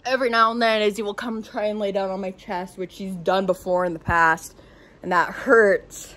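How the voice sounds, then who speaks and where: A woman's voice: medium pitch, normal speed, a bit bright. A woman vlogging from home in a casual, rambling rant, out of breath and emotional, with lots of "like". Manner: rambling, emotional, heavy use of "like".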